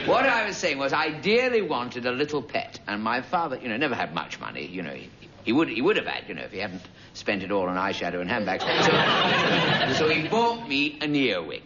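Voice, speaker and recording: A man spins a rambling comic monologue, drifting off into asides and peppering it with "you know." His pitch swoops about in a lively way. The recording is dull and lo-fi, buried under loud noise. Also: fairly quick. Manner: digressive, chatty, peppered with 'you know'. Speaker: comedian.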